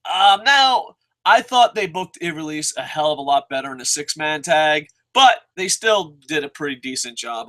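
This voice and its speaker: A man hosting a casual wrestling show review, excitable and profane, rambling with restarts and bursting into shouts. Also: on the high side.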